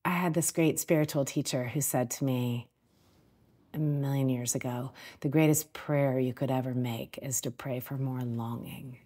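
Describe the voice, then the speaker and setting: A woman coach, a guest on a podcast, telling animated stories and laughing often. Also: extremely low pitch, normal speed. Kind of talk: casual interview chat.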